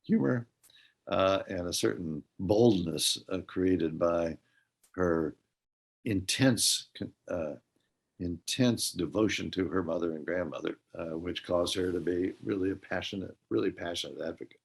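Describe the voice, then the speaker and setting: Older man, gravelly husky voice. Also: sits low. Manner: hesitant, many filler pauses while recounting. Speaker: guest, dementia advocate. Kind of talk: radio interview talk.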